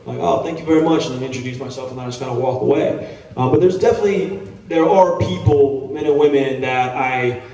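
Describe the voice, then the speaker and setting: A man's voice: mid-range voice, a little fast, warm tone, far from the mic. Laid-back man talking in an echoey hall. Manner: laid-back, chatty, self-deprecating, swears casually. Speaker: actor answering fan questions on a panel. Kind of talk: casual storytelling Q&A. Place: large convention hall. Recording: echoey hall, mic picked up from afar.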